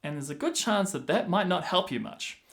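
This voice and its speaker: A man teaching the clarinet, patiently explaining fingerings and counting rhythms out loud, with clarinet playing between phrases. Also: sits high, big pitch swings, normal speed, creaky, over music. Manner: patient, breaks rhythms down by counting and singing syllables aloud. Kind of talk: instructional explanation.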